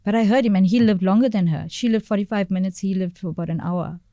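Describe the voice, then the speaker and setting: A woman, a podcast guest telling a personal story in a halting way, searching for words and repeating phrases. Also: mid-range voice, mellow, no room sound.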